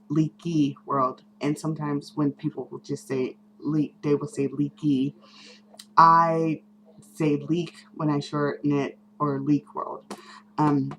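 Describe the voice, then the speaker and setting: A woman's voice: low-pitched, fairly bright tone, a little hiss or hum, rough recording. A woman vlogger chatting casually to camera, rambling with many ums and small laughs. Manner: rambling, many ums and self-corrections, giggly.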